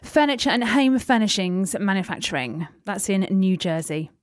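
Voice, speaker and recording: A woman's voice: mid-range voice, expressive, moderate pace, dry recording. A woman co-hosting a casual chat podcast, chatty and laughing, reading listener emails aloud. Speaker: podcast co-host.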